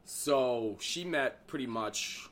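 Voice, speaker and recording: A man in casual chat, telling his own dating story in a relaxed way. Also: medium pitch, slow pace, slight background noise. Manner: relaxed, reactive, trades his own stories.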